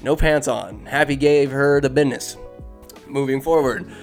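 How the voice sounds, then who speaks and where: A man's voice: mid-range voice, normal speed, faint music behind. A man casually retelling a comedy movie scene by scene, rambling and crude. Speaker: movie recapper.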